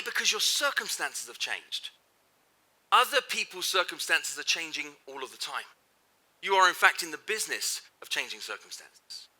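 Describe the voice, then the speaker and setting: A middle-aged man with a high, sharp-toned voice delivers a motivational keynote in a large hall before a live audience. He is emphatic, repeats phrases for effect, and fires questions at the crowd.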